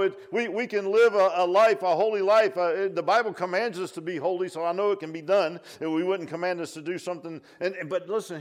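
A man preaching, his voice pitched high for a man. He is impassioned and repeats himself, and he swings from low, quiet stretches up to near shouts. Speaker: pastor. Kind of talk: sermon.

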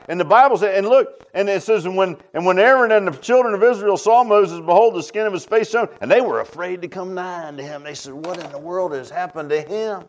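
A man's voice: high voice, expressive, fairly quick, hardly any pauses. A man preaching a sermon as pastor, folksy and emphatic, with frequent "huh?" asides and storytelling.

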